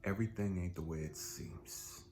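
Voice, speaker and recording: A man voicing God as a calm, gentle, all-knowing male spirit, speaking slowly and softly in a low, hushed tone. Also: gravelly, a little hiss or hum. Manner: slow, hushed, soothing.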